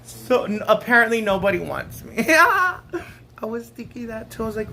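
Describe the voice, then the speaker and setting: A woman's voice: fairly high pitch, very animated, moderate pace, vocal fry, bright, forceful tone, faint music behind. A woman vlogger in casual storytime chat, giggly and chatty, often breaking into laughter. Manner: chatty, keeps calling the viewer "girl". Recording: noisy background hiss.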